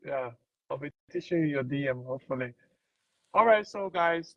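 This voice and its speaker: A man's voice: a little high, moderate pace, no echo. A man hosting an interview show, upbeat and coaxing his guest along in casual talk. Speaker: host. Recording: dull, muffled sound.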